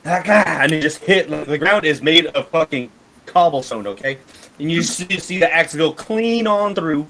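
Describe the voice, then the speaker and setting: A man's voice: a little high, moderate pace, sharp tone. A man narrating a tabletop game as game master, rambling with many restarts.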